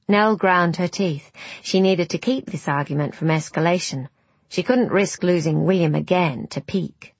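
A woman narrating an audiobook in a measured, even storytelling manner. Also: low-pitched, breathy edge, no room sound.

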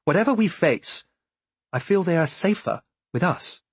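A man's voice: a little high, very animated, moderate pace, breathy edge, no room sound, pitched above the performer's own voice, heavily acted. A man voicing an earnest, loyal young man refusing to leave his friend in an audiobook.

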